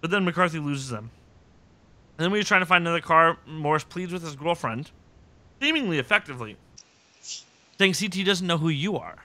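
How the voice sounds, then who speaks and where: A man's voice, a little high and fairly quick with long pauses, hosts a podcast casually recapping a TV episode. In an animated way, he acts out the characters' lines in put-on voices.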